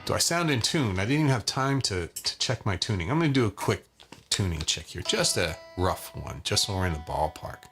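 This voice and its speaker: Speaking a little fast in a fairly low voice, this man is very animated as he runs a live guitar lesson. He chats casually, says hello to viewers by name, and uses lots of fillers.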